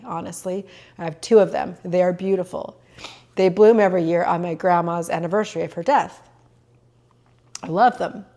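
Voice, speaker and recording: A middle-aged woman at an average pitch, sharing her own story as a podcast host. She talks in an earnest, heartfelt way and doesn't hide her emotion. Her speech is loose and conversational, full of ums and likes. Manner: earnest, openly emotional, with many fillers. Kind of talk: personal reflective podcast monologue.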